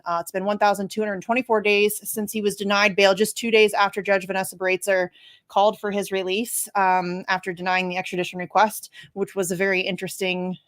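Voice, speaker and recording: A woman's voice: medium pitch, a bit bright, dry recording, clean studio sound. Chatty woman hosting a livestream. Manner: chatty, self-deprecating, frequent fillers and laughs. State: congested from sneezing. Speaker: livestream show host. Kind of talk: casual livestream talk.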